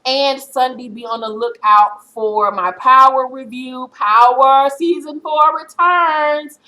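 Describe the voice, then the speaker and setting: A woman vlogger in her thirties giving a blunt, profane, animated recap of a reality show episode. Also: high-pitched, takes it slowly, low-quality recording.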